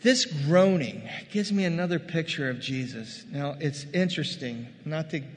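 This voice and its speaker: A man preaching a sermon, animated, acting out quoted voices and rising to loud bursts. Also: on the high side, normal speed, big-room sound. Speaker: pastor.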